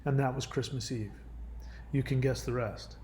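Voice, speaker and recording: A man, a caller, telling an emotional personal story in a halting, earnest way with many restarts. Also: mid-range voice, steady tone, dark tone.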